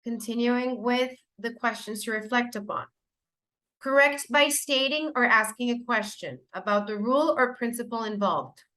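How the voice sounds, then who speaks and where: A woman's voice: on the high side, normal speed, fairly bright tone. A woman whose first language is Spanish, giving a teacher-training lecture in an explanatory way, with fillers and self-corrections.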